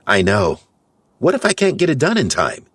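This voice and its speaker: A man's voice: medium pitch, wildly swooping pitch, normal speed, fairly bright tone, slightly rough, dry recording, pitched above the performer's own voice, full character voice. A man voicing a stressed, earnest young husband in a storybook tale, in a plain, earnest way close to his own voice. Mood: anxious. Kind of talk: storybook voice acting.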